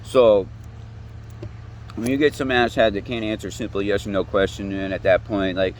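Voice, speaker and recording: Outdoors near some woods, a vlogger in his late thirties delivers a heated, rambling, profanity-filled rant. His voice is lowish and his pace moderate, with slight background noise in the recording.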